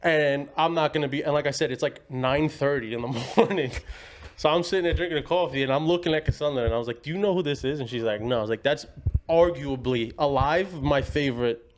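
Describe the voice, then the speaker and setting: A man on a casual podcast tells a long, rambling story and acts out what everyone said. His voice sits a little high. The talk is loose and chatty. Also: fast talker, a little hiss or hum. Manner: rambling, animated anecdote with quoted dialogue. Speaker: podcast host.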